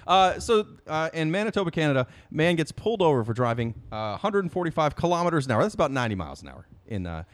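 A man co-hosting a podcast, casual comedic chat with a deadpan news-style delivery. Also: fairly high pitch, quick pace, hardly any pauses, dry recording. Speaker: podcast co-host.

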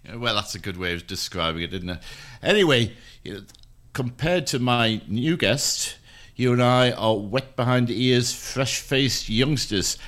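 A man's voice: medium pitch, expressive, a little slow, a bit bright. Guy hosting a football radio show, chatty, teases his guests, trips on words a bit. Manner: chatty, teasing, stumbles on words.

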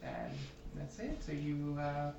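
A man's voice: a little high, wildly swooping pitch, slow pace, creaky, echoey room, distant mic, lo-fi sound, background noise. A man narrating as game master of a tabletop game, describing scenes hesitantly with many ums.

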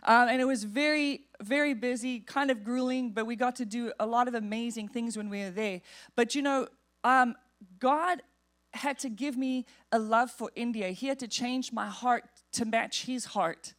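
A woman pastor with a slightly high voice, preaching from a church stage. She tells a personal story with humor and lively energy, speaking into a stage microphone. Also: moderate pace. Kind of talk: storytelling sermon. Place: church sanctuary.

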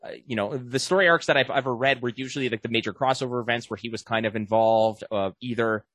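Man co-host, rambling jokey chat, mid pitch, dry sound. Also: quick pace, fairly bright tone, dry recording. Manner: loose, rambling, jokey comparisons. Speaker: podcast co-host. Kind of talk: casual chat.

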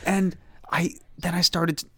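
A man who drops his g's, co-hosting a podcast in animated, exasperated casual chat. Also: high voice, measured pace, husky, no room sound, studio quality. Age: late 30s. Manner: drops the g's in words ending in -ing. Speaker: podcast co-host.

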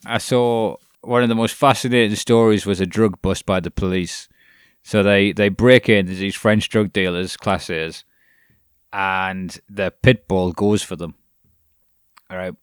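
A man's voice: low voice, fairly even intonation, measured pace, smooth, no room sound, clean studio sound. A British man chatting casually and swearing freely, often laughing as he tells stories. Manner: sweary, laughing, loose storyteller. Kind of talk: casual chat.

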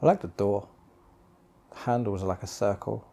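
A man's voice: fairly low pitch, moderate pace, vocal fry, mellow. A man hosting a podcast, giving casual, rambling commentary over a film and joking to himself. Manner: rambling, jokey, talks to himself. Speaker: podcast host.

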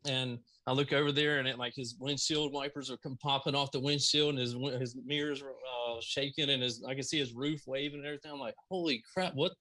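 Man, Southern accent, thirties, bright tone, animated storyteller, video call guest. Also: medium pitch, fast, hardly any pauses. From Mississippi, US. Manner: animated storyteller, acts out his own past lines. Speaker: guest, car audio business owner. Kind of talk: casual storytelling interview.

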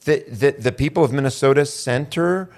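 A man's voice: medium pitch, darkish tone. A man hosting a political talk podcast in a studio, reading quotes aloud and often stopping to restart. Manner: reads quotes aloud haltingly, frequent restarts. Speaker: host.

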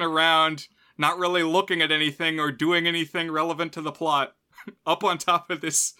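A man's voice: on the high side, pushed and bright. A man co-hosting a podcast, chatting casually about a film and often laughing mid-sentence. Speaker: podcast co-host. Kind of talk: casual film review chat.

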